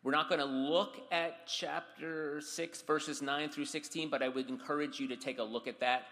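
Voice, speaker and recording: A man's voice: on the high side, fairly even intonation, moderate pace, sharp tone, in a large hall. A man preaching a sermon, reading scripture dramatically and speaking directly to his congregation. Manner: dramatic, voices scripture with raised intensity. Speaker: pastor.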